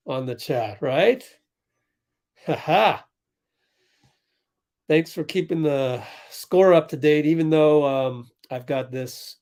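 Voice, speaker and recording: Slow, chatty man calling a game. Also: mid-range voice. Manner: chatty, thinks aloud, calls plays in quick bursts. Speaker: sports livestream host. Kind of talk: casual live game commentary and chat.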